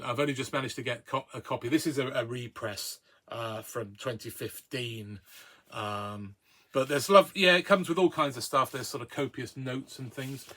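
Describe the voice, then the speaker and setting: A man talks through his record collection in a loose, rambling way, full of ums and uhs. His voice is bright and forward, pitched in a middling range. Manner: hesitant, many ums and uhs, chatty. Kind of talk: casual record review.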